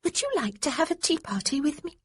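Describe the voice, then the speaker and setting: A woman reading an audiobook, voicing a prim and stubborn little girl in a high, small childish voice. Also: animated, a little fast, dry recording, studio quality.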